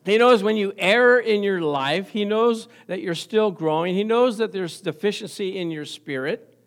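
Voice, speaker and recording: A male pastor delivers a sermon in a fairly high voice. He tells everyday stories, laughs often, and keeps calling on the congregation for an amen. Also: normal speed. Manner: storytelling with call-and-response, laughing often.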